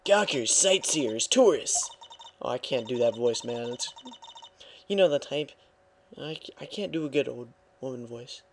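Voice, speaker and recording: A man's voice: mid-range voice, normal speed, gravelly, background noise. A young man hosting a let's play, making laid-back joking asides. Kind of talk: casual gaming commentary.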